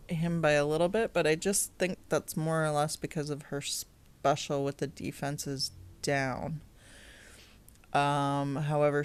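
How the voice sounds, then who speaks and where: Casting: relaxed female game guide host, low voice, unhurried and chatty. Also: smooth. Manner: chatty, laughs easily. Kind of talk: casual game review commentary.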